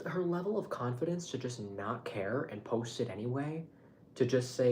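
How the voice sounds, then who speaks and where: Young male vlogger, casual rambling monologue, mid pitch, loose and profane. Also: moderate pace, a little hiss or hum. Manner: rambling, animated, swears freely.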